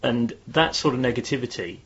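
Guy chatting about psychology, bit husky, muffled lo-fi audio. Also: mid-range voice, lively intonation, brisk, fairly bright tone. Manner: enthusiastic, leads a group experiment. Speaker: guest speaker on performance psychology. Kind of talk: conversational explaining. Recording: dull lo-fi sound.

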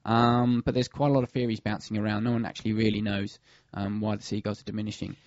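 A man's voice: lowish voice, flat delivery, quick pace, darkish tone, dry recording, muffled recording. A man who works as a bird of prey pest controller, talking casually and hesitantly with many fillers and restarts. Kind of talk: casual radio chat.

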